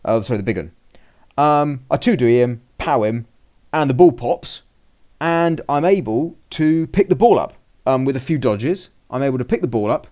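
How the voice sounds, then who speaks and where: A podcast host rambles through a casual play-by-play of a game, restarting often and acting out his opponent's lines alongside his own. He speaks at normal speed in an expressive, medium-pitched voice with a darkish tone.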